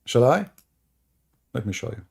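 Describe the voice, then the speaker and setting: Sarcastic guy ranting on a stream, gravelly low-key voice, keeps asking mocking questions. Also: big pitch swings, measured pace, a little mellow. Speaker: online religious debate host. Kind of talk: mocking livestream commentary.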